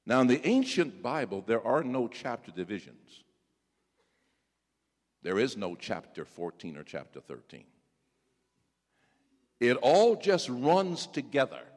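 A male pastor preaching a sermon in a church. He calls out to members of the congregation by name and breaks into shouts. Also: medium pitch, big pitch swings, measured pace, long pauses. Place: church sanctuary. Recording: echoey church sanctuary.

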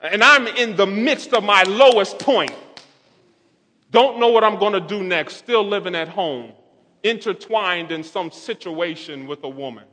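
A young man preaching a sermon, telling a personal story with animated delivery and quoting others in softer voices. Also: high-pitched, a little slow. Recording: long hall reverb.

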